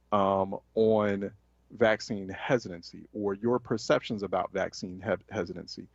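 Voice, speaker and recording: Talk radio host from Philadelphia, fired-up and indignant, gravelly low voice, muffled sound. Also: male voice, no room sound. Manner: impassioned, indignant, with many fillers and restarts. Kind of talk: radio commentary.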